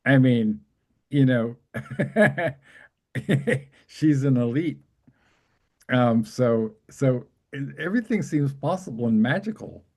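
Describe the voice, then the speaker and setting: Excited rambling man with a mellow voice. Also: medium pitch, slow, pauses often. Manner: excited, rambling, laughs often. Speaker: host. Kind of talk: casual chat.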